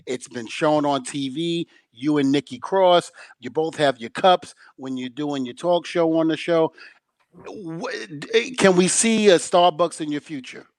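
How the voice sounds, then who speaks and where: A man's voice: on the high side, measured pace, dry recording. A man co-hosting a casual chat, playful and teasing, often laughing. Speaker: co-host.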